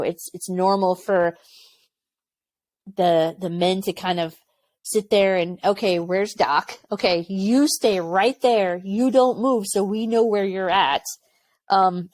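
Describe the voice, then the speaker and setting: A woman's voice: medium pitch, no echo. A woman in her forties, a former Army medic, telling stories candidly in a casual interview and acting out what others said. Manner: candid, lively storytelling with quoted voices and laughter. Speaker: podcast guest, former Army aviation medic.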